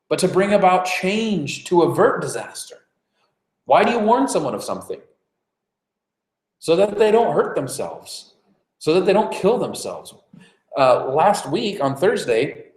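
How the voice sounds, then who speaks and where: A man delivering a conversational sermon as pastor, informal, with frequent fillers and restarts. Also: fairly high pitch. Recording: roomy, echoey church room.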